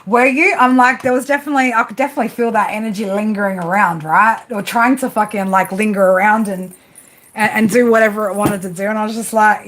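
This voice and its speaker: A woman's voice: a little high, a little fast, noisy background. A woman doing casual live-stream tarot readings, chatty and laughing, swearing freely as she talks to her viewers.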